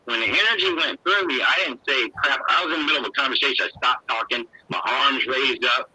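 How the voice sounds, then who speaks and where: Older man with a bright, husky voice. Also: mid-range voice, dry recording, rough recording. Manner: rambling, emotional, folksy with frequent "you know". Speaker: guest. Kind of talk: personal storytelling.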